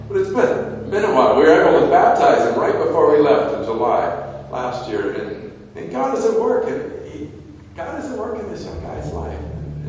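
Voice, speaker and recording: A man's voice: a little high, recorded from a distance. A male pastor preaching a conversational sermon, asking frequent rhetorical questions. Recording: echoey hall, mic from afar, faint noise.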